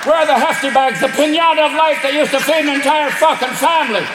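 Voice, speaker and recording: A man voicing a foul-mouthed, angry male raccoon with an Irish accent, shouting indignantly. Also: very high-pitched, quick pace, noisy background, pitched above the performer's own voice. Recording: echoey venue with loud crowd.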